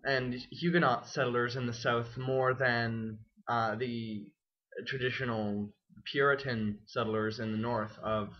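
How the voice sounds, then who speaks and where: A young man and student, talking in a wry, self-deprecating and rambling way in a casual vlog. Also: mid-range voice. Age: young adult. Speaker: student vlogger. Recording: dull lo-fi webcam audio.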